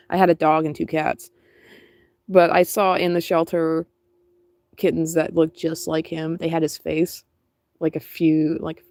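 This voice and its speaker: A woman's voice: lowish voice, vocal fry, a little mellow, no echo. A young woman chatting casually and rambling while painting on a stream, laughing often. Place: outdoors in cold wind.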